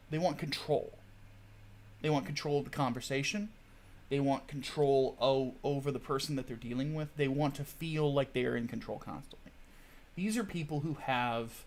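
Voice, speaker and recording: A man hosting a casual livestream, ranting in a chatty, digressive way and swearing freely. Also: mid-range voice. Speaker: host.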